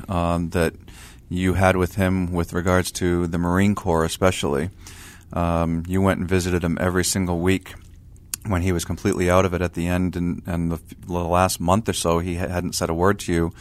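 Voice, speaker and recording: A young man co-hosting a radio talk show, speaking in a measured way with frequent pauses and fillers. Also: sits low, monotone. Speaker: radio co-host.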